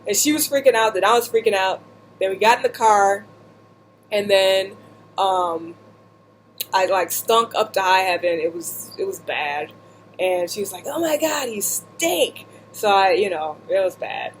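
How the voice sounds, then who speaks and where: A woman vlogger telling a humorous personal story while seated indoors, animated and slipping into voices and asides. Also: mid-range voice, moderate pace, slight background noise.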